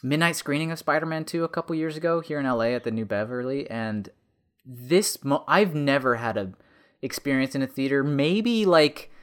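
Brief: man, podcast co-host, mid-pitched, chatty, rambling enthusiasm. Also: lively intonation, moderate pace, smooth. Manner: rambling, warm enthusiasm, restarts. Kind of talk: casual film discussion.

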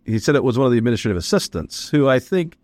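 A man's voice: mid-range voice, sing-song, very fast, a little mellow, no echo. A man co-hosting a podcast, reflecting on and summing up what he heard. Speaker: podcast co-host. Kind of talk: casual podcast chat.

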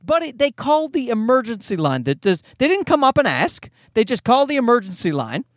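Guy ranting on his podcast, swears a lot, pitch swings all over, dry close mic. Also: very animated, fairly quick, dry recording. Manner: exasperated, profane, rambling with restarts. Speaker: podcast host. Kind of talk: casual comedic rant.

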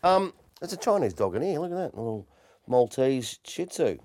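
A man's voice: medium pitch, normal speed, noisy background. A middle-aged man trading jokes on a podcast, his voice bouncing up and down as he talks. He laughs a lot and keeps the chatter light and rambling. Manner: joking, laughs often, lively sing-song delivery. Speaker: podcast co-host, comedian. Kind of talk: casual comedic banter.

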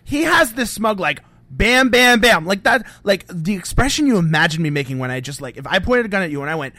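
Casting: man, podcast co-host, slightly high voice, bright tone, animated and rambly. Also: fast talker, dry recording. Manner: animated, rambling retelling with lots of fillers. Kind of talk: casual fan podcast chat.

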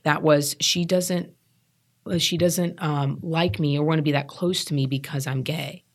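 A woman in her thirties with a low voice shares her story as an interview guest. She talks in an earnest, emphatic way and circles back to repeat what matters to her. The tone is candid and personal. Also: steady tone, unhurried. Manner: earnest, emphatic, repeats herself when stressing a point. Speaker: guest sharing recovery story.

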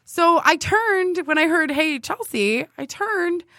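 A woman's voice: extremely high pitch, takes it slowly, no room sound, clean studio sound. A woman casually telling a dating story, laughing often and acting out what people said. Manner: animated, laughs often, acts out quoted lines. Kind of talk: casual chat, storytelling about a date.

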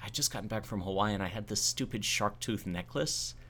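A man in casual conversation, telling a personal story in an animated, self-deprecating way. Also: fairly low pitch, brisk, slightly rough.

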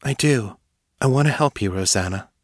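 Give me a man voicing a gentle, quick-talking young woman telepath. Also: mid-range voice, animated, slightly rough, no room sound, studio quality. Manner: brisk, gentle and coaxing.

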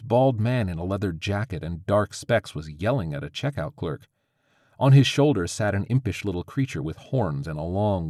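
A man narrating a story with a steady, even reading. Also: deep voice, no room sound, studio quality.

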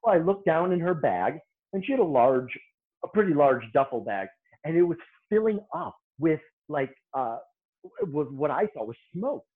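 A middle-aged man, a hairstylist guest, telling lively anecdotes in casual podcast chat and acting out the lines people said. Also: on the high side, moderate pace. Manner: lively anecdote-teller who acts out quoted lines. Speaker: hairstylist and beauty-industry guest. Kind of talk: casual storytelling in a podcast interview. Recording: tinny phone-line audio.

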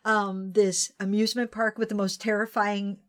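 An American woman co-hosting a casual chat, telling stories in an animated, swearing rant. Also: mid-range voice, normal speed. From United States. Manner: animated, profane, storytelling rant. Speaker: podcast co-host.

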